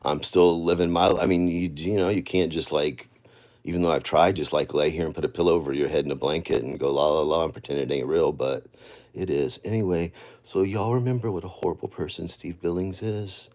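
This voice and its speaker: A man vlogging in a loose, rambling monologue, often restarting his sentences and sinking into quiet, emotional talk. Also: low voice, brisk.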